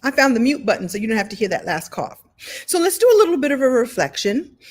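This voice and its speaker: A woman teaching a live online storytelling workshop, talking in an animated, conversational way with many repetitions. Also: a little high. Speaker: story coach. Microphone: video call.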